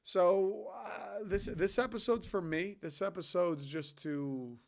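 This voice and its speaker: A man's voice: sits high, takes it slowly, vocal fry. A young man hosting a solo podcast, rambling loosely and swearing casually. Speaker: podcast host.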